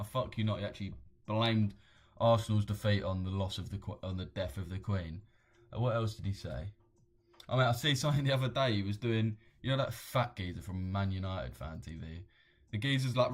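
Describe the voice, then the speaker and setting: A man's voice: fairly low pitch, a little fast. A man chatting casually on a trading stream, slangy and full of swearing. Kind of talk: casual live-stream commentary.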